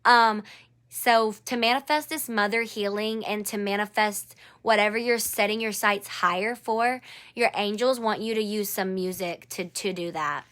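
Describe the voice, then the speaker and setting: A woman's voice: medium pitch, fairly even intonation, normal speed, a bit bright. A woman doing a live-streamed angel card reading. She speaks to one viewer by name, encourages her, and repeats her phrases.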